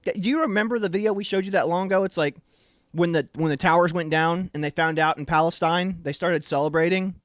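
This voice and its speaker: A man's voice: sits high, fast talker, no room sound, clean studio sound. A man hosting a talk show, giving emphatic, indignant commentary. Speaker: show host.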